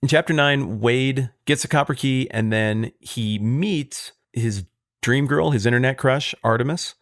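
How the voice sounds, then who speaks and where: A man's voice: medium pitch, unhurried, a bit bright, dry recording. A man co-hosting a podcast, talking in a thoughtful way with dry, wry humor. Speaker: podcast co-host. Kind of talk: casual conversation.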